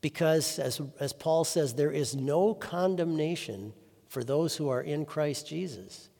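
A man's voice: on the high side, unhurried, gravelly, warm tone. A man preaching a sermon as pastor, earnest and building to emphatic peaks. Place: church. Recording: reverberant church hall.

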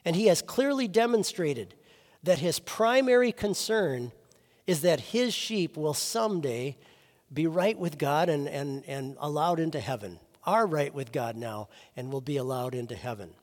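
A man preaching a sermon as pastor, earnest, swinging between loud stressed words and soft low phrases. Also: lively intonation, a little slow, big-room sound.

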